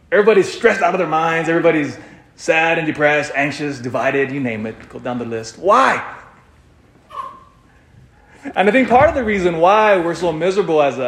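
Man, priest, sermon, lively pitch, rhetorical questions, echoey church. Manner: animated, rhetorical questions, repeats himself.

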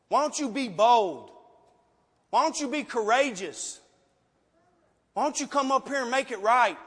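Male preacher, high voice, passionate and pleading, heard in a hall with long reverb. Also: lively intonation, measured pace, pauses often, husky. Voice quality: passionate, emotional, loud at times. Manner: rhetorical questions, pleading. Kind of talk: sermon with altar call. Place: church sanctuary.

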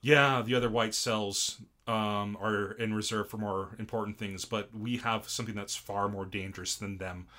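Man putting on a stoic soldier cell guy, deeper than his own voice, softer, calm. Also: moderate pace, hardly any pauses. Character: stoic male white blood cell soldier.

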